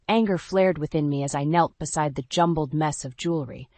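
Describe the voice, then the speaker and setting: A woman narrating a scripted first-person story in a dramatic, even storytelling voice. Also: sits low, a little fast, no echo.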